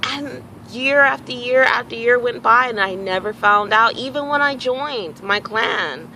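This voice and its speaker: A woman telling a personal story in a casual, animated way, acting out bits of dialogue and swearing freely. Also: a little high, a little slow, slight background noise, poor audio. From Houston area, Texas. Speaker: vlogger.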